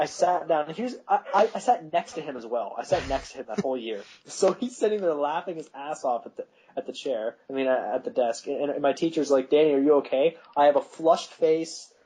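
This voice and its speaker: A man's voice: on the high side, lively intonation, fairly quick, mellow, husky, poor audio. A young man co-hosting a podcast, rambling through school stories and laughing at his own anecdotes, with a voice that cracks. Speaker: podcast co-host. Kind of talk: casual chat.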